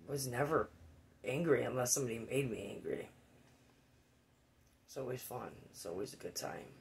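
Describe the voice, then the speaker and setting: Gravelly-voiced man telling a wild story. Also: mid-range voice, slight background noise. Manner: rambling, profane, animated voices for quotes. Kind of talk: casual storytelling.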